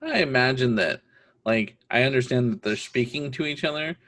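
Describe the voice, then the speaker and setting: A man co-hosting a podcast, chatting casually with quick joking asides. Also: mid-range voice, a bit bright. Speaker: podcast co-host. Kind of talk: casual chat about a comic.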